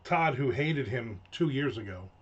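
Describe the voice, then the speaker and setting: A man's voice: medium pitch, expressive, unhurried. A middle-aged man hosting his own rant segment, talking casually in a sarcastic, rambling way with many fillers and restarts. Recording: dull lo-fi sound.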